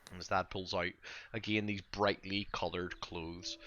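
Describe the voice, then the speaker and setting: A man's voice: deep voice, flat delivery, a little slow, dull audio, noisy background. A man running a tabletop game as game master, narrating in a loose, rambling way with lots of fillers.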